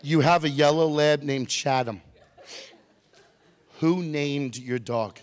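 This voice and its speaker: A man with a slightly high voice talks slowly, telling a comic story to a live crowd as a motivational speaker. Animated and jokey, he teases audience members, and the recording has a long hall reverb.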